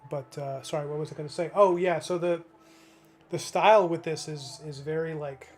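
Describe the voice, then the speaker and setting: A man in his thirties with a fairly high voice chats casually while painting on a live stream. He rambles and restarts as he thinks aloud and answers viewer chat. A faint hum sits behind him in his home studio. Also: fairly even intonation, moderate pace. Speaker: livestreaming comic artist.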